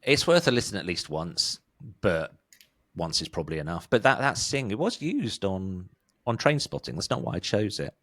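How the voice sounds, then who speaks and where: A man's voice: deep voice, very animated, moderate pace, fairly bright tone. A man co-hosting a music podcast in casual chat, rambling, restarting and laughing often. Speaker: podcast co-host.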